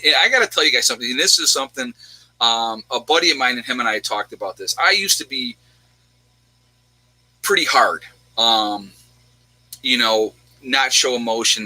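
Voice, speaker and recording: A man's voice: mid-range voice, sharp tone, no echo, low-quality recording. A middle-aged man, the host, telling a personal story in a rambling, emotional way, fighting back tears and laughing. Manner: rambling, repeats himself, gets teary and laughs.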